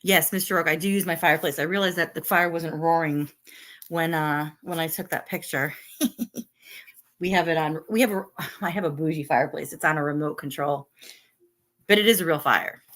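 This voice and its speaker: A middle-aged woman hosts a casual live chat, greeting viewers one by one. Her voice sits a little low. She laughs often and keeps the talk loose. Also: moderate pace, fairly bright tone. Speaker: livestream host.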